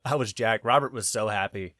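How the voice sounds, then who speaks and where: A man co-hosting a podcast in casual chat, ranting and swearing freely, animated. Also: lowish voice, brisk, no echo, studio quality. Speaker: podcast co-host.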